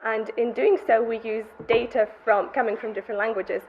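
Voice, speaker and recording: Through a muffled, dull recording with a little hiss or hum, a young graduate student presents her research at an academic conference. Her fairly high voice is brisk and evenly intoned, and her delivery is methodical and explanatory.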